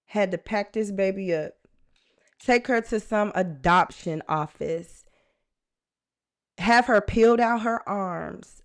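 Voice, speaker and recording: A woman hosting a true crime live stream, talking earnestly and chattily straight to her viewers. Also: lowish voice. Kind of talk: casual live-stream commentary.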